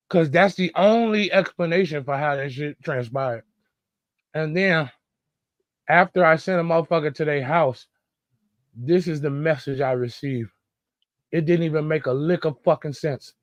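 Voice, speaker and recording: A man co-hosting a podcast, telling a story in casual chat, animated and indignant, swearing freely. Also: fairly high pitch, moderate pace, dry recording. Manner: animated, indignant, heavy profanity. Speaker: podcast co-host.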